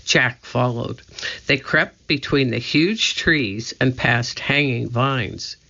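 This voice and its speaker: Slow, bright-toned male storybook reader. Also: medium pitch, gravelly. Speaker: narrator. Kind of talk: children's storybook read aloud. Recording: dull lo-fi recording.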